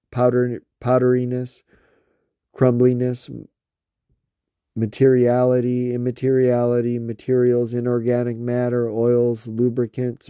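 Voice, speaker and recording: A man slowly reading a long list of words aloud, one by one, with small slips and restarts. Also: medium pitch, mellow, smooth, no room sound, studio quality. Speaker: reader.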